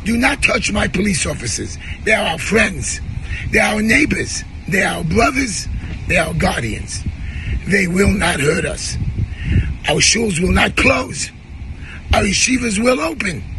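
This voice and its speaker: A hoarse man giving a fiery, defiant rallying speech and shouting slogans to his community. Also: sits high, very animated, a little slow, background noise. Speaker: activist addressing his community.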